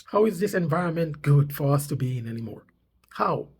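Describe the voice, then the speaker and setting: A man's voice: fairly high pitch, expressive, fairly quick, darkish tone, breathy edge. A man hosting a commentary channel, talking insistently and repeating his points with rising emphasis. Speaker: channel host. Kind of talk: commentary on news clips. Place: Canada.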